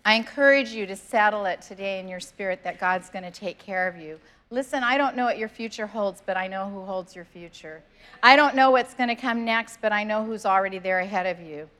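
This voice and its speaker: A woman's voice: mid-range voice, a little fast, a bit bright. Woman pastor, earnest conversational sermon, church service, scripture readings. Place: church sanctuary.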